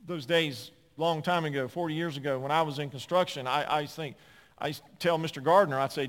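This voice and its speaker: A man in his sixties preaching a sermon, telling stories and swinging from loud, emphatic points to quiet asides. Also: fairly high pitch, fairly quick, clear, resonant tone. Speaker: pastor. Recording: long hall reverb.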